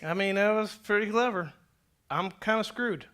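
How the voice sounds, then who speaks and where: A man voicing a grudging wealthy male landowner with a dry, deadpan delivery. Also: normal speed. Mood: wry. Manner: dry, deadpan, low grumble.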